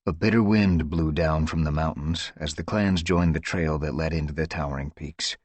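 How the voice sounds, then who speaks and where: A man narrating an audiobook in a measured, dramatic storytelling manner. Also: very deep voice, a little mellow, no echo. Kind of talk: scripted narration.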